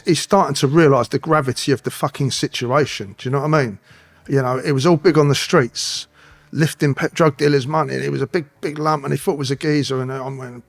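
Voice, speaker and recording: Gravelly-voiced man, swearing storyteller. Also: medium pitch. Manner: swearing, rambling, streetwise anecdotes. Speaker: guest, former police officer. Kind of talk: storytelling interview.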